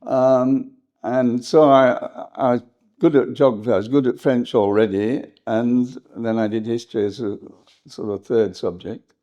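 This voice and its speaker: An older English historian reminiscing in an interview, rambling and hesitant, with frequent laughs. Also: male voice, medium pitch, fairly even intonation, unhurried, warm tone, muffled recording. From England. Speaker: historian guest.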